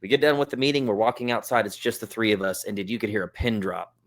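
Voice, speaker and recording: Lower-voiced man telling a story. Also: fast. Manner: relaxed, chatty, with lots of fillers like "like" and "uh". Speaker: podcast guest. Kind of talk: casual storytelling.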